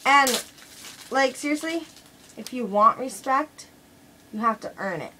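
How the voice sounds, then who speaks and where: A young woman talks through a casual vlog review in a rambling, chatty way, full of fillers. Her voice sits a little high and sounds bright and sharp. A faint hiss of background noise runs under the recording. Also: lively intonation, measured pace, low-quality recording. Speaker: wrestling fan reviewing an event.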